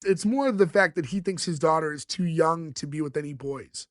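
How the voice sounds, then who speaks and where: High-voiced man recapping an episode. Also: no room sound, clean studio sound. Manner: retells scenes, quoting characters in quick bits. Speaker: podcast co-host. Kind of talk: casual recap chat.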